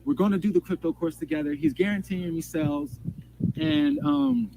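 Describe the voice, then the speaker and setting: A man's voice: high-pitched, sing-song, normal speed, vocal fry, warm tone, slight background noise, rough recording. A man telling a rambling personal story in an agitated, emotional way, swearing often and restarting his sentences. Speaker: storyteller in a played clip.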